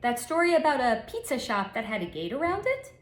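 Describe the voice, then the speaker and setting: A woman's voice: on the high side, big pitch swings, brisk, reverberant. A woman psychic relaying a channeled reading in a blunt, candid way, swearing freely and spelling out crude words. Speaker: psychic reader.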